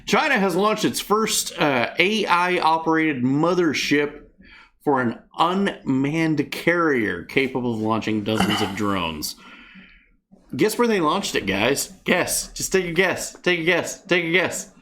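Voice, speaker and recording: A man's voice: a little high, expressive, a little slow, a bit bright. A man hosting a casual comedic news show, reading stories and adding sarcastic, exasperated asides.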